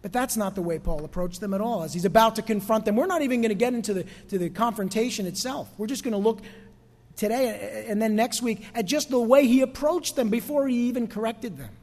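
A man preaching a conversational sermon as pastor, dropping quiet for emphasis and rising for asides. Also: sits high, a little fast, big-room sound. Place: church sanctuary.

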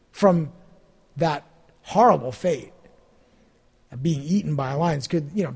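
A male pastor with a notably high-pitched voice delivers a sermon. He talks in a relaxed, conversational way, full of everyday asides. His voice rises and grows louder on the phrases he wants to stress. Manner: conversational preaching with fillers, rising emphasis on key phrases.

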